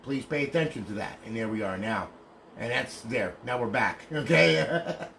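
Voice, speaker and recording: A man's voice: mid-range voice, lively intonation, normal speed, gravelly, a bit bright, a little hiss or hum. A man selling and demonstrating modded consoles on a casual livestream, talking bluntly, ranting, and asking "okay?" after nearly every point. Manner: swears casually.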